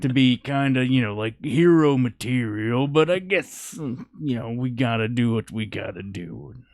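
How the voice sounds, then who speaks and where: A man's voice: mid-range voice, lively intonation, measured pace, no echo, clean studio sound. Man doing a grudging, wary townsperson.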